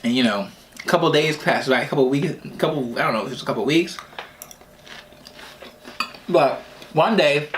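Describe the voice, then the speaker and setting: A man from New Jersey telling childhood stories in a casual mukbang vlog, often laughing and pausing to eat and drink. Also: a little high, animated, a bit bright, a little hiss or hum. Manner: chatty, laughs often, eating while talking. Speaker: vlogger. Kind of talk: casual storytelling during a mukbang.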